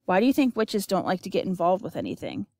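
A woman's voice: medium pitch, sing-song, fast talker, gravelly, darkish tone, no echo, clean studio sound. A woman playing fierce, blunt Red. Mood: urgent. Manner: blunt, harsh whisper. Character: fierce, fearless young woman.

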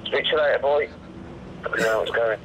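A man's voice: medium pitch, fast, slight background noise, poor audio. A man leaving a teasing, smug message, laughing as he talks. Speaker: phone caller.

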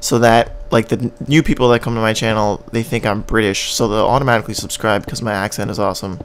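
A man's voice: fairly low pitch, fairly even intonation, quick pace, a little hiss or hum. A man with a Canadian accent giving casual gameplay commentary, rambling and joking as he plays and now and then humming little tunes. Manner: rambling and joking, hums and scats tunes while playing. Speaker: gaming channel host.

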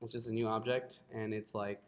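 A man's voice: lowish voice, flat delivery, brisk. A man teaching a live coding class, who keeps checking in with his students and often apologizes. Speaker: coding instructor.

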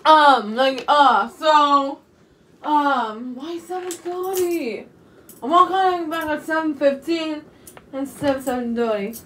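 High bright young woman vlogging. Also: slow pace, distant mic, a little hiss or hum. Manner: rambling, repeats "you guys" constantly. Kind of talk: casual chat to camera. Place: her bedroom.

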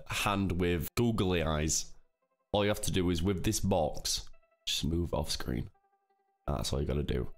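A man streamer casually explaining a tutorial step by step, chatty and full of fillers, often calling his viewers "guys". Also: sits low. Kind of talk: casual screen-recorded tutorial.

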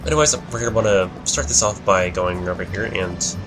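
A young man in his late teens talks through a video game in a low voice. He mumbles and rambles, correcting himself as he goes, with faint game music under him. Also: a little fast. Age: young adult. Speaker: let's play commentator. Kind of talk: casual gameplay commentary.

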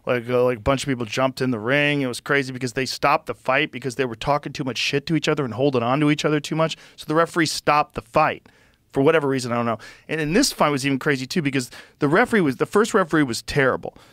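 A man hosting a podcast in casual chat, emphatic and swearing freely, loudly acting out the lines of the people he talks about. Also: medium pitch, quick pace, no echo, studio quality. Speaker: podcast host.

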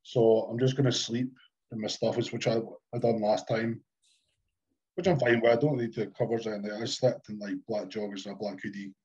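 A man's voice: fairly low pitch, flat delivery, brisk, a little mellow, lo-fi sound. A Scottish man co-hosting a podcast, chipping into casual chat with blunt, offhand remarks and some swearing. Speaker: podcast co-host.

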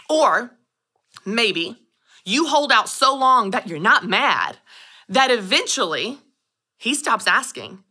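Woman podcast host, very bright tone, slightly high voice, lively storytelling. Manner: animated storytelling, acting out quoted lines. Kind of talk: scripted solo podcast monologue.

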